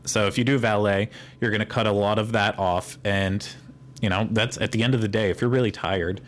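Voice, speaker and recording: A man with a Pittsburgh accent hosts a casual podcast. He sits a little low in pitch and wanders off on tangents as he explains. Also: fairly even intonation, brisk, slight background noise. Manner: rambling, digressive explainer. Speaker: podcast host.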